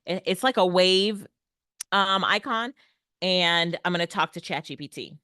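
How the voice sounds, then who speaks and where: A woman's voice: on the low side, a little slow, pushed and bright, clean tone, no echo, studio quality. A woman presenting an online workshop on everyday AI tools, upbeat and laughing often. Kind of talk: online tech lesson. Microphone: headset or desk mic, video call.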